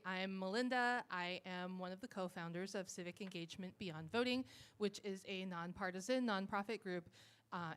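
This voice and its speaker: A woman's voice: mid-range voice, a bit bright, smooth. Chatty woman giving an informal talk. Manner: chatty and informal, with frequent fillers, admits rambling. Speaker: civic group co-founder and citizen lobbyist. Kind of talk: casual public talk to an audience. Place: speaking at a live event with a microphone.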